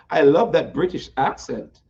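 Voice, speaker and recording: A man's voice: a little high, expressive, slow pace, a little mellow, highs cut off. Effusive male talk-show host. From United States. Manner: effusive, playful.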